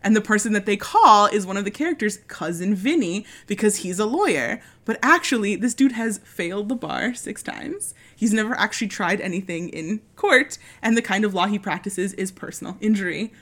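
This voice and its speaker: A woman's voice: mid-range voice, normal speed, hardly any pauses. A woman co-hosting a casual chat. She tells stories with lots of swearing and sudden jumps into put-on voices. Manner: animated storytelling, frequent swearing; doing voices while retelling scenes.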